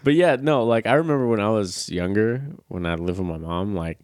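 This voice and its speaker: A man's voice: on the low side, fairly quick, darkish tone, no echo, clean studio sound. A young man co-hosting a podcast, telling stories in casual chat, laughing often and swearing freely. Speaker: podcast co-host.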